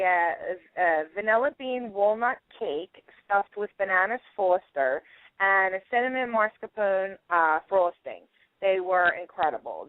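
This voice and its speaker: A young adult woman with a Philadelphia accent, chatting as a guest on a radio interview, quick to laugh and full of "like" and "you know.". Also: medium pitch, no echo. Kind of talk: casual phone interview. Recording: tinny phone line, dry.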